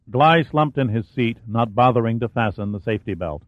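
A man narrating an audiobook thriller in a steady storytelling manner. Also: medium pitch, a little fast, hardly any pauses, no room sound. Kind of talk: scripted narration. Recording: dry, phone-like narrow sound.

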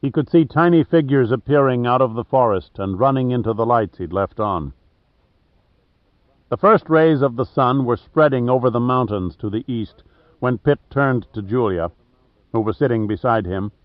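A man's voice: medium pitch, moderate pace, no echo. Man narrating on a tinny line. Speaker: audiobook narrator. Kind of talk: scripted narration. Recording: dry, tinny phone-like sound.

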